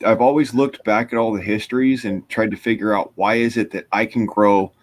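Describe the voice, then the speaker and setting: A man in casual podcast chat who explains things calmly and firmly and corrects others. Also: fairly low pitch, a little fast.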